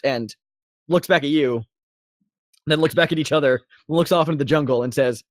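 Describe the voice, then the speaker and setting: Halting man narrating a tabletop game. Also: a little high, no echo. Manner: halting, many fillers and restarts. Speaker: dungeon master.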